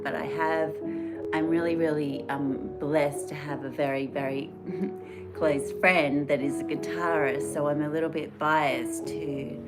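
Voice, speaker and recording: Low, slow woman on a livestream. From Australia. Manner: rambling, warm and earnest, reads out viewer comments. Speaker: livestream host. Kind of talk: casual live-stream chat.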